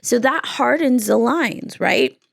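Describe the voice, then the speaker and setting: A woman's voice: a little high, slow pace, creaky, a bit bright, no echo, studio quality. An American woman hosting a solo podcast, talking in an impassioned, rhetorical way and driving her points home through repetition. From United States. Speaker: podcast host.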